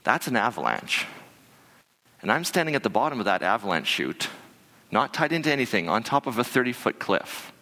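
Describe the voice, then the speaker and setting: A man's voice: mid-range voice, brisk. Man telling a story in a hall. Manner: animated, conversational, many fillers and restarts. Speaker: speaker telling a climbing story to an audience. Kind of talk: live storytelling talk.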